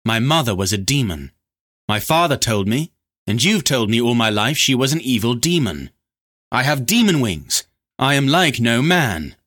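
A man voicing a powerful winged half-demon warrior who speaks quietly, calmly and unimpressed. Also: medium pitch, normal speed.

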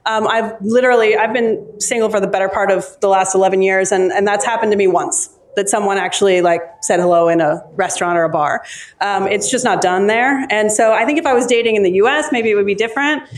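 A woman, an author, chatting with a live audience at her book launch, often pausing with ums and restarting her sentences. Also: mid-range voice. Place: live event before an audience.

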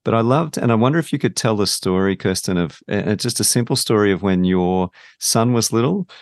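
A middle-aged man with a very low voice hosts the conversation and thinks aloud as he goes. His delivery is measured and reflective, with small restarts. The sound is dry and close. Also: no room sound. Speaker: podcast host. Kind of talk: interview conversation.

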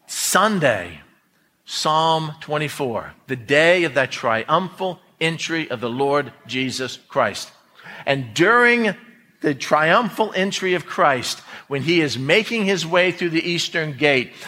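Male preacher, bright forceful tone, slightly high pitch, deliberate emphatic sermon delivery. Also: expressive. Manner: slow, emphatic preaching with dramatic pauses. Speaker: pastor.

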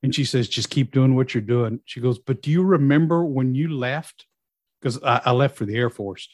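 Here the recovering guest, a middle-aged man, has a mid-range voice at ordinary speed with no room sound at all. He narrates personal stories with energy, voicing the people he quotes.

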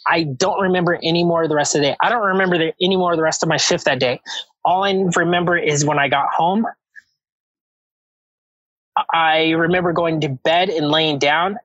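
A man speaking as a podcast guest, talking slowly and hesitantly with many pauses and restarts. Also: a little high, fairly even intonation, a bit bright, no room sound, highs cut off. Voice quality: halting, hesitant, reflective. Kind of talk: casual chat.

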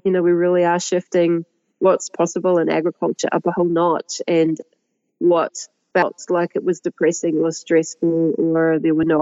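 A middle-aged woman with a New Zealand accent, a guest who talks about her work in a lively, chatty way and laughs often. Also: fairly low pitch, no room sound, muffled recording. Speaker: guest, agroecologist and author. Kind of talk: conversational interview.

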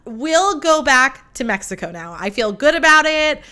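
A woman's voice: high-pitched, sing-song, normal speed, pushed and bright. A young woman from the United States hosting a podcast in a casual, chatty way, swearing freely, peppering her talk with likes and poking fun at herself. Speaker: podcast host. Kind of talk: casual chat.

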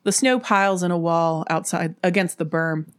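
A woman from Appalachia, host of the show, narrating a spooky story in a steady, measured way. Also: lowish voice, clean tone, no room sound, clean studio sound.

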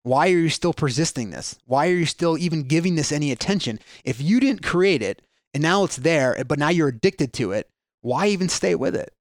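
This studio-quality, echo-free clip features a male guest discussing mindset in a relaxed podcast chat. His voice is a little high and fairly quick, and he animates his stories by performing quoted voices while restarting his sentences often.

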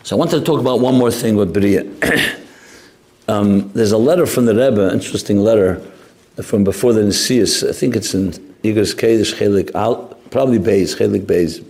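A man's voice: lowish voice, normal speed, a little mellow. A man giving an informal Torah class, talking in a rambling, anecdotal way with frequent restarts. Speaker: Torah teacher.

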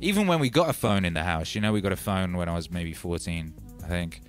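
A man's voice: low voice, expressive, quick pace. Rambling man over music. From North Wales. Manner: meandering, loose, peppered with "you know" and "like". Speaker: livestream host. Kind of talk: rambling casual livestream chat.

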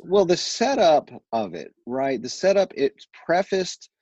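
A man in casual conversation, analyzing a comedy routine in a thoughtful, measured way. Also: on the high side, very animated, darkish tone, slightly rough, no room sound. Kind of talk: casual chat. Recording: dull lo-fi mic, dry.

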